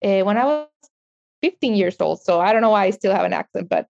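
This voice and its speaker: Woman, Mexican accent, middle-aged, interview guest, passionate and animated, dull lo-fi audio. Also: medium pitch, quick pace, gravelly. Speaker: guest, media entrepreneur. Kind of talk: interview conversation.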